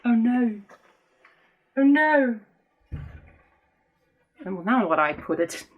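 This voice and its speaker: A woman booktuber chatting casually in a vlog, bubbly and quick to exclaim. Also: medium pitch, expressive, breathy edge.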